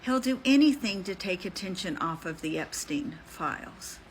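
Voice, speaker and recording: A woman's voice: lowish voice, lively intonation, moderate pace, hardly any pauses, a little hiss or hum. A middle-aged woman vlogging her reaction to camera, exasperated and apologetic, speaking with emotion.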